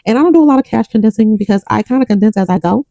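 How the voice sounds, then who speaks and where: Gravelly-voiced woman counting cash. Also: a little high, animated, very fast, warm tone, dry recording, poor audio. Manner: counts bills aloud, tells a story between counts. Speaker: budgeting vlogger. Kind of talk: casual chat while counting cash.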